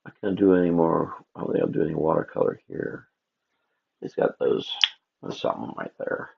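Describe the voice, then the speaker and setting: Here the voice is low and brisk, with vocal fry and a breathy edge, as a man chats and rambles to himself and his audience during a drawing livestream. The sound quality is dull, lo-fi stream audio.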